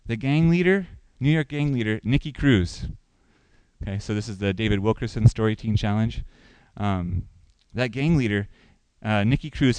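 A man's voice: fairly low pitch, a little mellow, clear, resonant tone, no echo, poor audio. Male pastor, sermon delivery, questioning and emphatic, dry close recording. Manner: asks the congregation questions, rising for emphasis.

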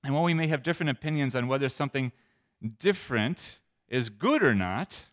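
A male pastor preaching a sermon in a church sanctuary, talking in a conversational, playful way and stressing single words with long pauses. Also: medium pitch, expressive, a bit bright.

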